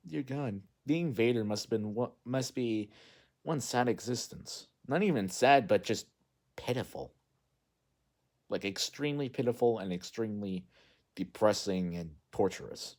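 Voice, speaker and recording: A man's voice: mid-range voice, a little slow, a little mellow. A man casually recapping a movie in a rambling, unscripted way, full of fillers and restarts. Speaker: movie vlogger.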